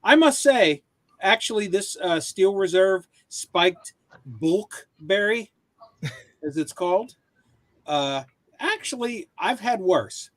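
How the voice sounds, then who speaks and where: A man with a slightly high voice talks slowly and rambles through his opinions. He is a regular panelist chatting casually on a live web show over a video call. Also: animated.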